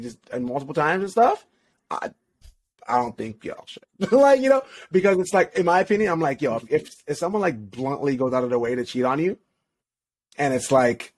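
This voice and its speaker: Husky-voiced man, slangy and animated. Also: fairly high pitch. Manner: slangy, animated, laughs often. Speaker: relationship expert guest. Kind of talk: casual podcast interview.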